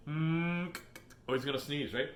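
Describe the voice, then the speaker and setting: A man's voice: a little high, a little slow, roomy sound. A man reading a children's picture book aloud on video, joking between pages and doing silly animal voices.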